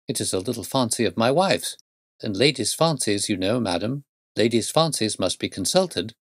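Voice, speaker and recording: A man voicing an eccentric middle-aged gentleman who talks in a coaxing, fussy way with rising emphasis. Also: fairly low pitch, animated, moderate pace, husky, no room sound, clean studio sound. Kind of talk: audiobook reading.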